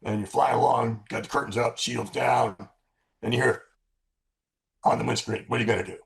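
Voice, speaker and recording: A man putting on the voice of a gruff, profane senior male officer who barks blunt questions at a crew while telling a story. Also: medium pitch, fairly even intonation, moderate pace, voice pushed up. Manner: barking, blunt, swearing.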